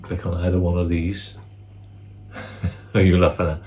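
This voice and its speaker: Man, relaxed co-host with dry jokes, warm mellow voice, casual vlog. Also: sits low, fast. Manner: laid-back, dry humour. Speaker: food reviewer, co-host. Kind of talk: casual chat.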